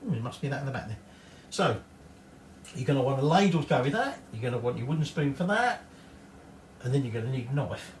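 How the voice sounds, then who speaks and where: A man's voice: mid-range voice, very animated, quick pace, far from the mic, a little hiss or hum. A middle-aged man with a Northern English accent, chatting his way through a cooking tutorial in his home kitchen and swearing casually. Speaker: home cook. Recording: echoey kitchen from off-mic.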